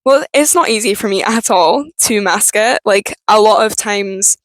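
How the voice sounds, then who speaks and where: A young woman with a Scottish accent, talking frankly and haltingly in a personal vlog. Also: mid-range voice, no room sound, low-quality recording. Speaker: vlogger.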